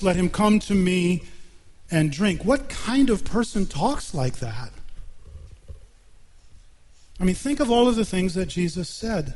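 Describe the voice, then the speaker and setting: A man's voice: high voice, big pitch swings, slow pace, a little hiss or hum. A man preaching a sermon in a church, earnest and emphatic, often repeating himself. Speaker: pastor.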